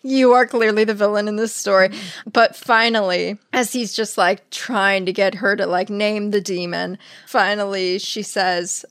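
A woman's voice: medium pitch, measured pace, smooth, no echo, studio quality. A woman co-hosting a podcast, reading book passages aloud and telling the story with wry humor. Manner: wry, animated storyteller who laughs often. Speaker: podcast co-host. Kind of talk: casual chat, reading book excerpts aloud.

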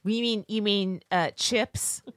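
A woman comedian co-hosting a podcast, joking in a lively, profane, casual way. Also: medium pitch, slow, dry recording, clean studio sound. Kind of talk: casual chat.

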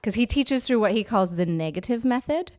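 Animated woman comedian telling stories. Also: on the high side, a little fast, crowd noise. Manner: animated storytelling, laughs often. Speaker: guest comedian. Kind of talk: casual conversation.

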